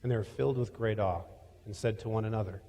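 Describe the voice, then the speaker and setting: Guy preaching in church, tells it like a story, gets loud then real quiet, big hall echo. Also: fairly low pitch, steady tone, quick pace. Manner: storytelling, shifting from loud to hushed. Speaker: pastor. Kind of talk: sermon.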